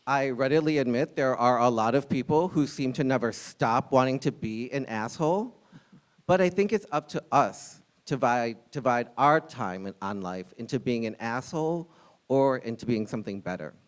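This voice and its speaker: A man in his forties, a longtime restaurant server, telling a live personal story with a candid, wry comic delivery and sharp punchlines. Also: mid-range voice, expressive, moderate pace, smooth.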